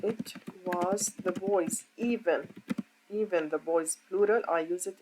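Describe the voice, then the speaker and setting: Slow, deliberate woman teaching grammar. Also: on the low side, noisy background. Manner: slow, deliberate, asks rhetorical questions. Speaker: English teacher. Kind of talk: recorded grammar lesson.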